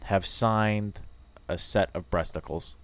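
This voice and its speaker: A young adult man co-hosting a podcast, telling a rowdy anecdote in an animated, jokey way. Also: deep voice, slow pace, no room sound. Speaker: podcast co-host. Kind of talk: casual storytelling chat.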